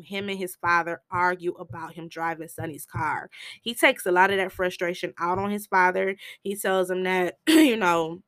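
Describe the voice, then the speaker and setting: A film recap vlogger with a lowish, clear, resonant voice tells a movie's story loosely, bluntly and profanely, full of slang. She's animated, acting out the characters' lines as she goes. She's close to the mic in a dry, deadened room with no room sound.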